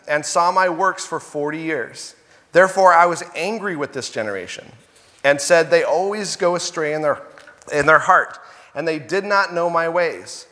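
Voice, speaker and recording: Bright-voiced preacher in an echoing hall. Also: male voice, fairly high pitch. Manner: conversational, acts out quoted complaints. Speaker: pastor. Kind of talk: sermon. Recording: long hall reverb.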